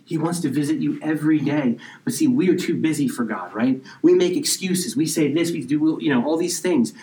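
A man preaching a sermon, reading scripture slowly and explaining it in casual asides, now and then dropping almost to a whisper. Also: a little high, warm tone, distant mic, rough recording. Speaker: pastor.

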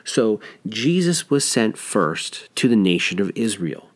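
Low-voiced man teaching the Bible. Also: very animated, a little slow. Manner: conversational, explains verse by verse with restarts.

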